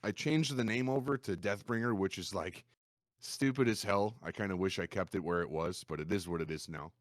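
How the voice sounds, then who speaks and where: A man with a low voice, a streamer guest on a podcast, telling his stories in a lively, animated way. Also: a little fast, dry recording, clean studio sound. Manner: animated storyteller, acts out quoted gamers in a raised voice. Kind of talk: casual podcast conversation.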